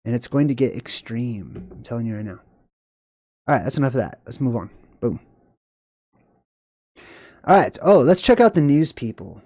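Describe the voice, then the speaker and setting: A man's voice: medium pitch, sing-song, normal speed, long pauses, mellow, no echo, clean studio sound. A man hosting a casual commentary vlog, ranting to viewers in an irritated, conversational way and swearing freely. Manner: conversational, talks straight to viewers. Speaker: host.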